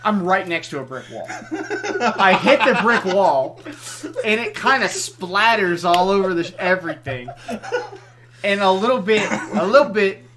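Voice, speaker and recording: A young man, a podcast guest, telling a school story in animated, laughing casual chat and swearing freely. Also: high-pitched, a little slow, crowd noise.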